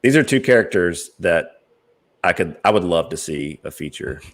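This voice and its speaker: A man's voice: low-pitched, expressive, moderate pace, fairly bright tone. An American man hosting a casual podcast chat, rambling with many fillers and easy laughs. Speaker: podcast host.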